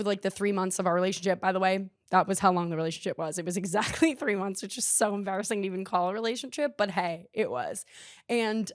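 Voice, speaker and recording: A young woman hosts a podcast, rambling through a self-deprecating story in casual conversation and saying "like" constantly. Her voice is mid-range, and the recording is dry and studio quality.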